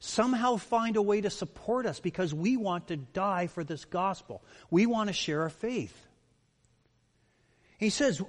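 A man's voice: high-pitched, animated, measured pace. A male pastor preaching a sermon, emphatic and full of rhetorical questions. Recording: long reverb of a large hall.

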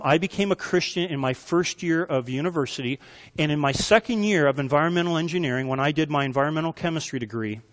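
A pastor whose voice sits a little high for a man delivers an animated, teaching-style sermon, full of quick asides and questions thrown out to the crowd. A long hall reverb trails each phrase.

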